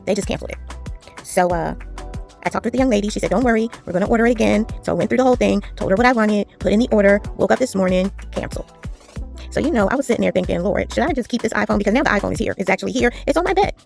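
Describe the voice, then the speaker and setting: Chatty woman with a gravelly edge. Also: mid-range voice, very fast, soft background music. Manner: chatty storytelling, animated retellings. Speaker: jewelry-making vlogger. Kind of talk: casual chat while beading.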